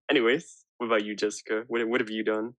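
A man's voice: fairly low pitch, steady tone, fairly quick, a bit bright, dry recording. A young man co-hosting a podcast, chatting casually in a rambling, hesitant way. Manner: rambling, hesitant, lots of fillers. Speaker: podcast co-host. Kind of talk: casual chat.

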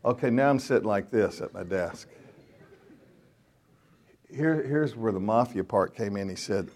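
A man's voice: lowish voice, measured pace, long pauses, a little mellow. A middle-aged man, a minister telling funny stories to a group of men in a folksy, joking way and acting out the scenes. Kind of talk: storytelling sermon.

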